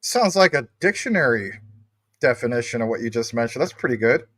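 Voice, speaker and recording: A man's voice: medium pitch, expressive, a little fast, a bit bright, no echo, clean studio sound. Upbeat man hosting a livestream. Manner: upbeat, reads viewer comments aloud. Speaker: livestream host. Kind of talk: casual livestream chat reading comments.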